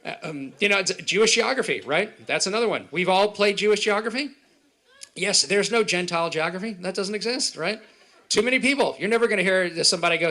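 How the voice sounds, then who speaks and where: A man from Israel performing a stand-up comedy set at a live event, with punchy delivery and quick put-on voices. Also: high-pitched, lively intonation, sharp tone. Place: event hall with live audience.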